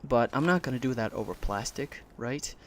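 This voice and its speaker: A man telling a heated, animated story about a bad collecting experience, his voice shaking with anger and peppered with swearing. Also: mid-range voice, normal speed, slight background noise. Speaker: collector vlogger. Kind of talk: casual storytime.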